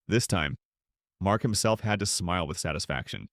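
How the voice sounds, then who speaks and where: Low-voiced male story narrator. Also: animated, normal speed, a bit bright, no echo, clean studio sound.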